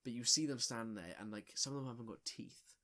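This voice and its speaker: A man's voice: medium pitch, quick pace, fairly bright tone. Sweary young guy telling a story. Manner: loose, sweary, lots of fillers and restarts. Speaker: podcast co-host. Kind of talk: casual storytelling chat.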